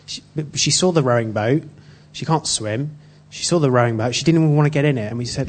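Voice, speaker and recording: A man giving an informal sermon built around a personal story, earnest and halting, with frequent restarts. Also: mid-range voice, slight background noise. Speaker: church speaker.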